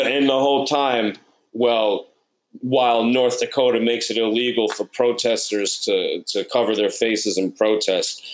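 A man's voice: low voice, low-quality recording. A man, a production sound mixer, recounting his experiences in an interview and acting out the people he met in quoted dialogue. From New York. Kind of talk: interview storytelling.

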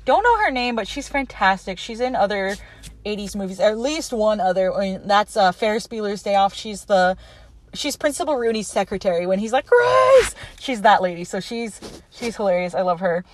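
A young adult woman casually recapping a movie scene by scene, in a chatty, animated way with plenty of fillers. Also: mid-range voice, fairly quick.

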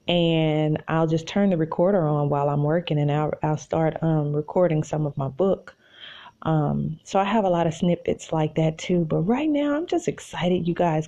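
A woman, hosting a podcast alone from her bed at home, talking in an animated, rambling and self-encouraging way. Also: low voice, lo-fi sound. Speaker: podcast host. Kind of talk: casual solo podcast monologue.

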